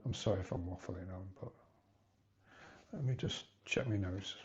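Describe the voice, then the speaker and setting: A man's voice: deep voice, normal speed, a little mellow, lo-fi sound, slight background noise. A man in his fifties talking hesitantly in a personal confessional vlog, rambling and restarting often. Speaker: vlogger.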